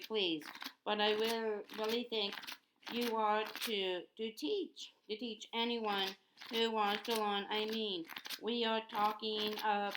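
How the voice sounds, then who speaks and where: A woman voicing an earnest, bossy teenage schoolgirl witch in her own voice, with halting restarts. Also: medium pitch, background noise, close to an everyday voice. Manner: insistent, restarting often.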